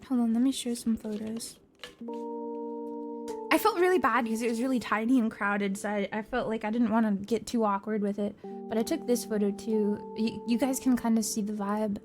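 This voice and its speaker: A young woman streamer telling stories in an animated, giggly way, swearing often. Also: on the high side. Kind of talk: casual chat.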